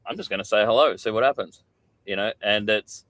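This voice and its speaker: Aussie bloke on a podcast, kinda low voice, swears a lot, dry sound. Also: male voice, brisk, a bit bright, no room sound. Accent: Australian. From Australia. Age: middle-aged. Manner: candid storyteller, swears freely. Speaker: podcast guest. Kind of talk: casual podcast chat.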